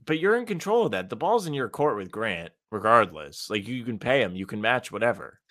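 A man's voice: mid-range voice, big pitch swings, a little fast, a bit bright, dry recording, clean studio sound. A man co-hosting a casual basketball podcast, talking in a loose, rambling, wry way. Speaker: sports writer and podcast co-host.

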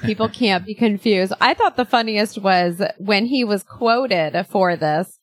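A woman's voice: medium pitch, unhurried. A woman guesting on a podcast, chatting casually, giggly and self-deprecating. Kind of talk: casual chat.

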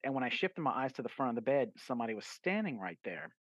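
A man spins a long, rambling story with plenty of fillers and restarts, acting out what he said along the way. His voice sits in a middle pitch. The sound is dull and lo-fi, in a dry space with no room echo. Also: sing-song, fast. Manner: acts out his own quoted lines. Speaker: guest author. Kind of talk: casual storytelling in a podcast interview.

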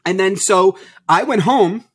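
A man as a podcast guest, telling his story candidly over a video call and acting out old arguments with sudden loud bursts. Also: high voice, unhurried, slightly rough. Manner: animated, acts out past arguments.

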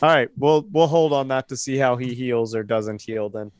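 A man as game master, narrating a tabletop game in a relaxed, rambling way. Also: mid-range voice, normal speed, clear, resonant tone, dry recording.

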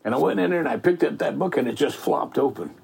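A man's voice: fairly high pitch, animated, fast talker, creaky, darkish tone, slight background noise. A middle-aged man telling faith stories in a rambling, folksy way, full of "man" and "you know". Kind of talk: casual faith storytelling.

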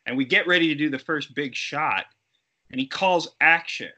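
Middle-aged man, interview guest, bright tone, slightly high voice, animated storytelling. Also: normal speed. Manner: animated, acts out quoted voices. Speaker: guest actor and effects artist.

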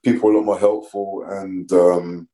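Male guest, middle-aged, warm lowish voice, measured and reflective. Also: little pitch movement, rough recording. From London, England. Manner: measured, reflective storytelling with frequent ums. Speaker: podcast guest. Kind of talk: casual interview conversation.

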